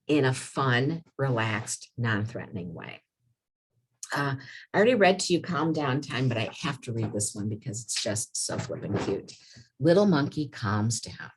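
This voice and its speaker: A middle-aged woman and former preschool teacher talking volunteers through calming activities and reading picture books aloud in a sing-song voice. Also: deep voice, slightly rough.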